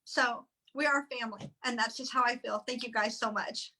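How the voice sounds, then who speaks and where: Bright, high-voiced woman sharing a testimonial. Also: steady tone, slight background noise, low-quality recording. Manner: tearful, halting, with restarts. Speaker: guest sharing weight-loss story.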